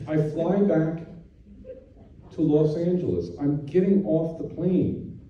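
A man, a film director, telling an animated anecdote on stage and slipping into voices of the people in it. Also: fairly high pitch, takes it slowly, distant mic, highs cut off. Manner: animated storyteller doing voices of others. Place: festival venue with audience. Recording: echoey hall, mic from afar, audience.

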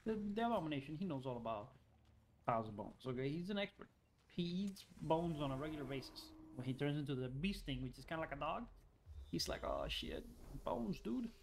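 A man giving casual let's-play commentary, excitable, exclaiming and cursing at the game. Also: fairly high pitch, fast talker, slight background noise. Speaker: gaming video host.

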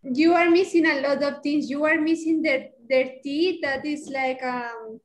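A woman's voice: high-pitched, fairly even intonation, measured pace. A woman taking part in an online workshop discussion, explaining hesitantly and searching for English words. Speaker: workshop participant. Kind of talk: casual group discussion. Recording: echoey room.

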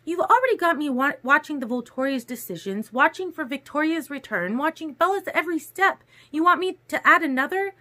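Cold young vampire girl, woman putting her on, way up high, snippy storybook voice. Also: animated, a little fast, hardly any pauses, sharp tone. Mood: cool, defensive. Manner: cold, clipped replies. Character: young female vampire, cool and insistent.

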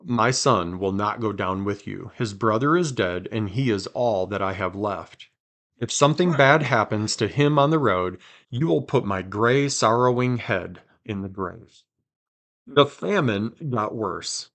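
Man reading scripture with quiet drama. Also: lowish voice, lively intonation, unhurried. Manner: reads with quiet dramatic emphasis, chats between passages. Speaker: podcast host reading scripture aloud. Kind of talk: conversational Bible reading.

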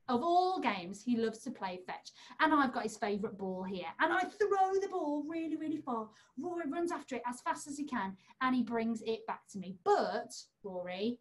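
A young woman hosting an online children's magic show, talking playfully and coaxingly to young kids and a puppet. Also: on the high side.

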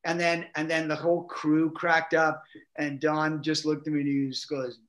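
A middle-aged man, a guest actor, telling animated anecdotes and acting out quotes with laughter. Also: on the high side, moderate pace. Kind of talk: anecdotal storytelling.

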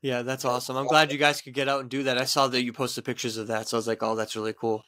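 A man's voice: medium pitch, little pitch movement, quick pace, sharp tone, no room sound. A man co-hosting a casual podcast chat, encouraging and full of fillers like "like" and "you know.". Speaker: podcast co-host.

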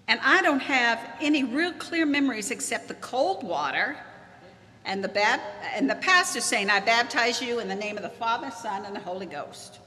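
A woman pastor giving a measured, expressive sermon with dramatic pauses in a church sanctuary. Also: high-pitched, in a large hall.

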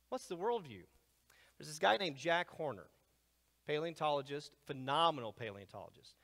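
A man lecturing a live crowd, his voice sitting a little high and full of energy as he swings from loud bursts to near-whispers. The sound hangs in the long reverb of a large hall. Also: moderate pace. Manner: energetic, swings between loud asides and hushed remarks. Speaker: speaker presenting to a live audience. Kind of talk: animated lecture.

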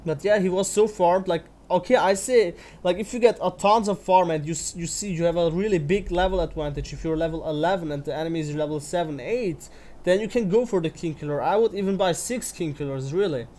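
A young man with a high-sitting, darkish voice gives brisk commentary over his own online game match. He rants angrily and swears heavily throughout.

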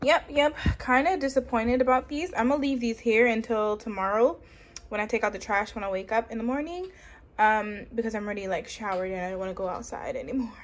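Chatty higher-voiced woman vlogger. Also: a little fast, slight background noise. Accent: New York. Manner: chatty, rambling, heavy use of "like". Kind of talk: casual vlog chat. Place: home kitchen.

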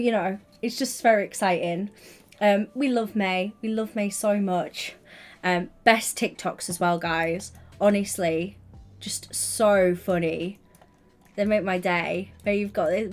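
Gushing, excitable woman streamer. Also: mid-range voice. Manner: gushing, affectionate, excitable, greets viewers by name. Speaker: livestreamer. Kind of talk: casual gaming livestream chat.

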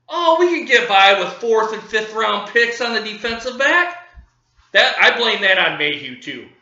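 A sports fan vlogger, a man with a high, sharp voice, rants furiously about his football team, cursing and repeating himself in a livid fit. The room is echoey and the recording sounds muffled.

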